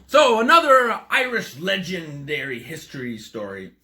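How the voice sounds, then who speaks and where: A chatty man vlogging in an easygoing, rambling way, full of enthusiasm and fillers. His voice sits fairly high, swings widely in pitch and has a bright, forceful edge. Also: huge pitch swings, measured pace, slight background noise. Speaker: vlogger tasting drinks. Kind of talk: casual tasting vlog.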